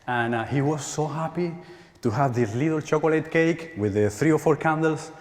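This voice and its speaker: A man's voice: fairly high pitch, normal speed. Spanish-accented man speaking in an echoing hall. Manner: animated storytelling, acts out quoted voices, laughs often. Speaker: conference speaker. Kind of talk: inspirational talk. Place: large church hall. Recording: echoey hall with long reverb.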